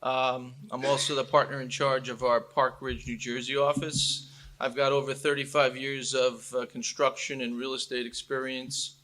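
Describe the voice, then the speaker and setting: A man in his fifties introducing himself as a panelist in a steady, businesslike way. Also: medium pitch, moderate pace. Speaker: panelist, accountant.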